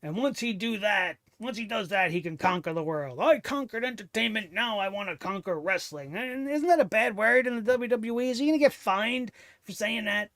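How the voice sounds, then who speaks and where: A man's voice: high voice, animated, moderate pace, a bit bright, no room sound. A man hosting a wrestling review show, talking in a sarcastic, exasperated way and swearing freely. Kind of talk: casual commentary review.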